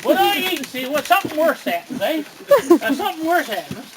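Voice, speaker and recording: A man's voice: extremely high pitch, very animated, a little fast, very noisy. A man with a Newfoundland accent leading a playful screech-in ceremony, coaxing guests through dialect phrases with jokes. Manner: jokey, coaxing, teasing dialect lines. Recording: loud crowd around him.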